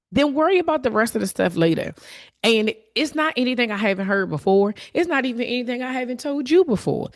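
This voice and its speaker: A woman hosting her own podcast, talking in a candid, conversational way and openly admitting her emotions. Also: fairly low pitch. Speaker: podcast host. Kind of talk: reflective solo podcast talk.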